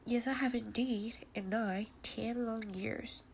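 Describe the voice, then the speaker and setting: A woman with a stuffy nose reading the part of a timid, weary widow in a quiet, whispery voice, with faint hiss behind her. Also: on the high side, fairly even intonation, slow, creaky. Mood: subdued.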